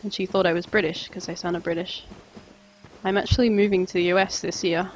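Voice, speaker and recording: A woman's voice: on the low side, steady tone, brisk, slight background noise, low-quality recording. A young Australian woman chatting casually with her viewers while she plays a game on a live stream, rambling from one thought to the next. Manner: chatty, rambling, reads and answers chat.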